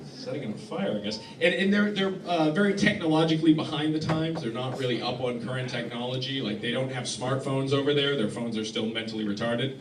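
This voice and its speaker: A man performing a deadpan stand-up set in a club, halting and restarting often, recorded by a phone in the crowd. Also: medium pitch, roomy sound, distant mic, background noise. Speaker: stand-up comedian. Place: club hall with live audience laughing.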